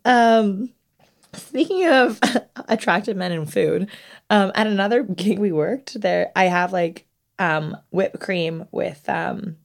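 A woman's voice: medium pitch, takes it slowly, gravelly. A young woman co-hosting a podcast, wry and teasing, swearing casually as she chats and tells stories. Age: young adult. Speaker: podcast co-host. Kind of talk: casual chat, storytelling.

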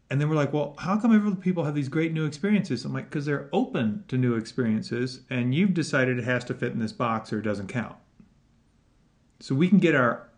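A man hosting a podcast interview, talking in a relaxed, animated way and laughing often. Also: medium pitch. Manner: animated, laughs often, puts on voices in quotes. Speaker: podcast host. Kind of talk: casual interview chat.

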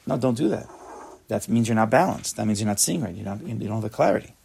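Male Torah lecturer, gravelly and husky, emphatic and repetitive, lots of Hebrew terms. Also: fairly low pitch, expressive, fast talker, a little mellow. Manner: emphatic, repeats words, sprinkles in Hebrew terms. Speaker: Torah teacher.

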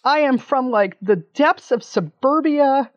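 A woman in her fifties telling an animated story as an interview guest, laughing often and swearing casually. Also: high-pitched, unhurried. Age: 50s. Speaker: interview guest, documentary maker. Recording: dull lo-fi audio.

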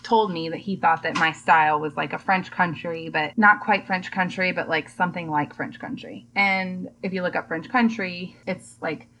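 A woman's voice: lowish voice, fairly even intonation, normal speed, few pauses, fairly bright tone, low-quality recording. A young adult woman chatting casually on a podcast, telling stories and acting out quotes. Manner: chatty storyteller, acts out quotes. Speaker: home decor blogger, podcast guest.

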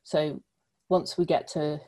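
A woman from the UK answers interview questions in a thoughtful, explanatory way. Her voice is low and mellow, and she pauses often on ums as she works through her points. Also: level tone, poor audio. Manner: thoughtful, filler-heavy explaining. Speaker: literacy researcher guest.

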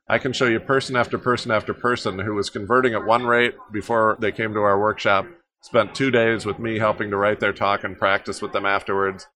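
A man with a fairly low voice, talking as a guest on a podcast interview. He coaches speakers and explains his methods emphatically, often repeating a phrase to drive the point home. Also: fairly bright tone.

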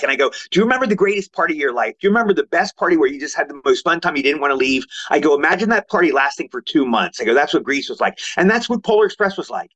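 A fast, animated older man spins his stories on a podcast. His voice sits fairly high for a man. The sound is dull and lo-fi, like a remote line. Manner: animated, quotes others in raised voice. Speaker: guest actor. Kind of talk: casual storytelling. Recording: lo-fi remote audio.

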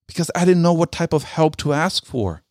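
A middle-aged man, a military veteran, telling a personal story in an earnest, halting way and often repeating his words. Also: on the high side, lively intonation, a little mellow, no room sound, studio quality.

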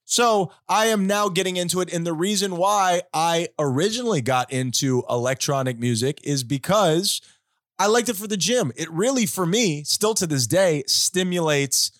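Male podcast host, animated joking storyteller, lightly raised pitch, dry recording. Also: moderate pace, no room sound. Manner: animated rambling storyteller, quips. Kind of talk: casual podcast chat.

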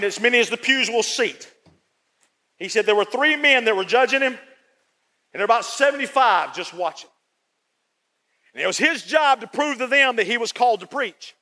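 A man preaching a sermon as pastor, emphatic and repetitive, swinging between loud and hushed delivery. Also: extremely high pitch. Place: church. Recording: long church reverb.

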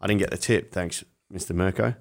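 A young Australian man chatting about sports bets with a mate. He swears freely and laughs a lot, and his voice sits on the low side. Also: a little fast, creaky. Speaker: podcast co-host. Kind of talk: casual sports betting chat.

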